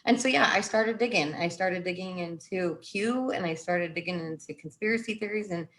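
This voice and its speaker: A woman's voice: on the low side, moderate pace, a bit bright. A woman in casual conversation, rambling and self-interrupting as she talks through her views and quotes her own past reactions. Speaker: guest.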